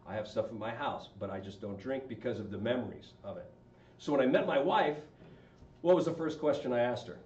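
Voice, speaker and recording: Speaking in a mid-range, slightly mellow voice, a man chats with a group about marriage and asks the audience questions. He is animated and a little fast. The distant mic gives a dull, echoey sound with slight background noise.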